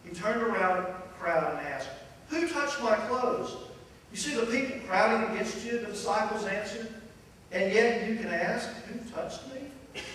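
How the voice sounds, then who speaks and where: An animated man preaching with a highly expressive voice that swoops up and down. He sits in a cavernous church hall, picked up from a distance with faint ambience behind. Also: slight background noise. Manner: animated, storytelling, acts out voices. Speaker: pastor. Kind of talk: sermon. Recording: echoey hall from far off.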